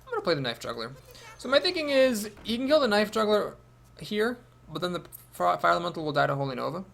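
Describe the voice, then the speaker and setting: A man's voice: high-pitched, big pitch swings, quick pace, creaky, a bit bright. A man thinking aloud as he commentates his own card game, with wry asides. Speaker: gameplay commentator.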